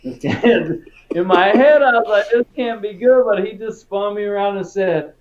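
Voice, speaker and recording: A man's voice: sits high, moderate pace, muffled recording, a little hiss or hum. A man from Texas, a former Marine, telling stories in a casual interview in a laid-back, profane way. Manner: profane, laid-back, peppers talk with "dude" and "right?".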